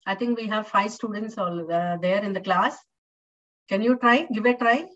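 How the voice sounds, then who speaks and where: A woman lecturer with an Indian English accent leads a live online class, explaining step by step and pausing to ask her students questions. Her voice sits at an ordinary middle pitch. The sound is muffled and seems to come from a distance from the mic. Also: a bit bright. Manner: patient, explains slowly with many fillers and questions to students.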